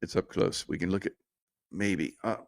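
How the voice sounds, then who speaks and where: A man's voice: low voice, steady tone, normal speed, creaky, dry recording. A man giving rambling, casual political commentary, drifting off topic and laughing at his own jokes.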